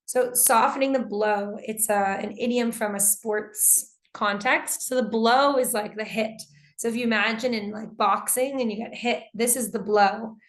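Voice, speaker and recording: A woman's voice: a little high, fairly even intonation, a little slow. A woman teaching an online English class, reading out students' answers and commenting on each one. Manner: reads student answers aloud and comments warmly on them.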